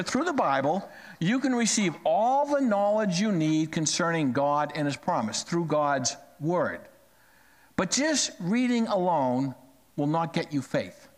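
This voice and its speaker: A male pastor delivers a sermon in a fairly high, very lively voice. He leans hard on key words, dropping low to land them. He poses questions to the congregation and answers them himself. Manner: emphatic, drops pitch to stress key words; asks and answers his own questions.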